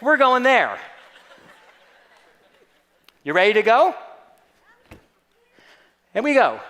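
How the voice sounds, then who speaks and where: A man giving a keynote talk to staff, telling a comic story in an animated, playful, mock-outraged way. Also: very high voice, slow. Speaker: keynote speaker. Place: large hall. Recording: long reverb of a large hall.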